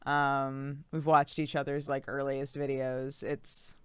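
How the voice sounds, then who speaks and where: A woman's voice: very deep voice, flat delivery, slow pace, clear, resonant tone, no room sound. A pregnant young woman streamer chatting casually and reading out viewer messages, giggly and rambling with lots of fillers.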